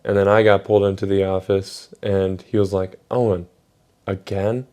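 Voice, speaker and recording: A man's voice: low-pitched, monotone, fairly quick, warm tone, clean tone. A young man telling a rambling, profane story in a casual storytime vlog, full of fillers. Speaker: storytime vlogger.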